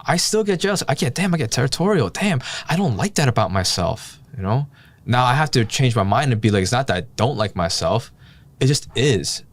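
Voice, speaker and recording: A man's voice: mid-range voice, sing-song, fairly quick. A man co-hosting a podcast, talking in a casual heart-to-heart way, reflective and candid, thinking aloud and sighing now and then. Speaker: podcast co-host.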